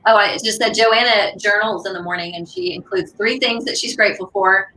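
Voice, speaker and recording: A woman co-hosting a casual show who reacts warmly to her guest and reads out comments from the chat. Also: mid-range voice, steady tone, fairly quick, poor audio. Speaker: co-host.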